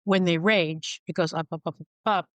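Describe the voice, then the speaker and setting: A woman's voice: fairly low pitch, fairly even intonation, moderate pace, dry recording. A middle-aged woman speaking frankly as a podcast guest, telling wry stories and acting out the people in them. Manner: frank, wry, acts out quoted voices. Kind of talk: candid storytelling conversation.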